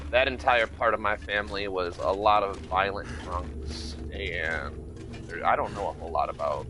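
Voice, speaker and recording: A man's voice: lowish voice, sharp tone, a little hiss or hum. A man from Michigan chatting casually with viewers while streaming a game, rambling and greeting people by name. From Michigan, United States. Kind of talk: casual live-stream chat while playing.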